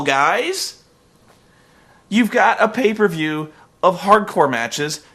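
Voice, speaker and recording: A man with a somewhat high, tense, bright voice hosts a comedic review. He rants through a recap with sarcasm and plenty of swearing. He rambles on fillers and grows openly exasperated. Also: lively intonation, slow, pauses often. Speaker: host reviewing wrestling.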